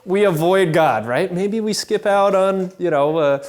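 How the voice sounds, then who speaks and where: A man's voice: high voice, unhurried. Man telling a sacred story, conversational. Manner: conversational, animated, asks "right?" often. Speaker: speaker at a Catholic event. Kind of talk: storytelling talk.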